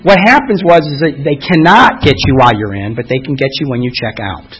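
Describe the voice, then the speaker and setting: A man's voice: medium pitch, fairly quick, fairly bright tone, breathy edge. A middle-aged man giving a personal testimony about his recovery, talking in a rambling, conversational way full of fillers and restarts. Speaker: recovery speaker. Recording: dull lo-fi recording.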